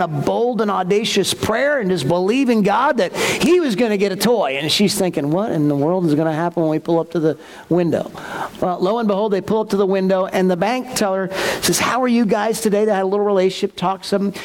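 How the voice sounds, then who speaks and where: A man preaching a sermon, telling a story in an animated way and acting out the voices of the people in it. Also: sits high, slight background noise. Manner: animated, acts out voices in stories. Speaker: pastor.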